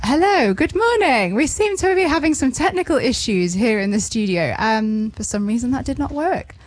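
A woman's voice: fairly high pitch, lively intonation, normal speed, soft background music. A woman hosting a casual radio business show in the studio, bubbly and laughing, with lots of ums.

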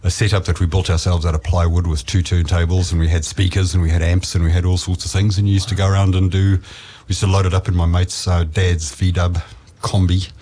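Deep husky man reminiscing, rambling. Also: flat delivery, fairly quick, hardly any pauses, mellow. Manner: rambling, chuckling, hesitant restarts. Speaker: guest. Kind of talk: casual radio chat.

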